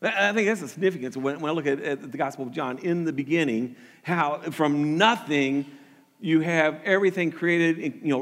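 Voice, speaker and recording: A man's voice: on the high side, fairly bright tone, in a large hall. A man preaching a sermon with earnest energy, often repeating words as he starts a thought and building to emphatic peaks. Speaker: pastor.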